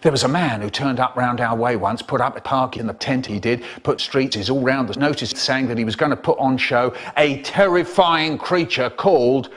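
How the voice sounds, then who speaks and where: A man telling comic stories in a theatrical, drawn-out way, cut up and spliced into a remix. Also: medium pitch, a bit bright. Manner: theatrical, drawn-out, exaggerated pauses and voices. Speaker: storyteller.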